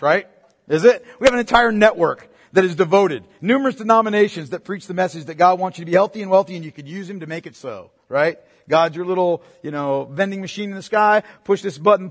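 A male pastor preaching a sermon, emphatic and full of rhetorical questions put to the congregation. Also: high voice. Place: church sanctuary. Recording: long reverb in a large hall.

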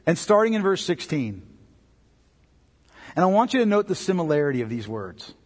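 A man preaching a sermon as pastor, swinging between loud emphasis and quiet, low passages. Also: big pitch swings, normal speed, in a large hall.

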